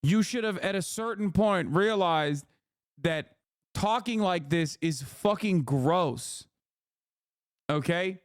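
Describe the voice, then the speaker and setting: Man, higher-pitched voice, angry profane ranting, livestream reaction, dry close sound. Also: expressive, slow pace, dry recording. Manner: mocking quoted voices. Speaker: streamer.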